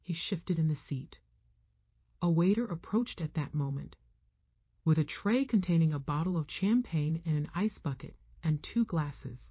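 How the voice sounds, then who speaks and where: Woman narrating a romance audiobook, low husky voice, kinda muffled dry sound. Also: lively intonation, measured pace, dry recording. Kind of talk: scripted narration.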